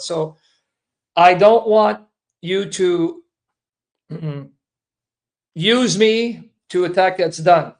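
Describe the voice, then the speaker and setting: A man's voice: sits high, takes it slowly, pauses often. A man hosting a livestream, making an earnest, emotional personal statement to his listeners, repeating himself and calling them brethren. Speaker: Christian apologist livestream host.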